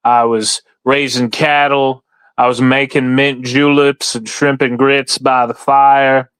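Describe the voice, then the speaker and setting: A folksy Southern gentleman farmer , as a man puts on the voice speaks in a slow, grand, drawling put-on Southern US accent. He is pitched higher and a little louder than the man's own voice, and he takes his time over every word. The sound is close and dry. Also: flat delivery, smooth, dry recording. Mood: grandly folksy.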